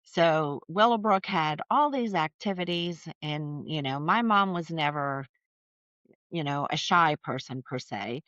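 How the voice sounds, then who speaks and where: A middle-aged woman, a podcast guest, telling family stories in a chatty, animated way with lots of fillers. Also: low-pitched, unhurried, no echo, muffled recording. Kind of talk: casual storytelling conversation.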